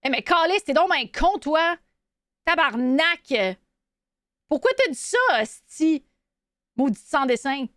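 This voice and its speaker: A woman's voice: sits high, big pitch swings, measured pace, long pauses, a bit bright, dry recording, clean studio sound, exaggerated voice. A woman putting on an irate Quebecois person cursing someone out in a crass, sarcastic way, with a Quebec French accent.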